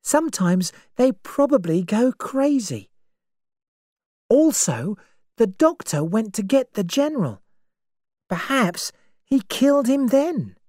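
A woman voicing a high, anxious young woman. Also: very animated, slow, pauses often, mellow, no echo, clean studio sound, exaggerated voice. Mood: reasoning. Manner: worried, reasoning aloud. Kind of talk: audiobook character reading.

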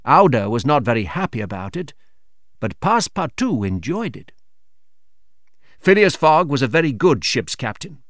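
A man clearly narrating a simple storybook for learners. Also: mid-range voice, very animated, normal speed, long pauses, a bit bright, no room sound, clean studio sound.

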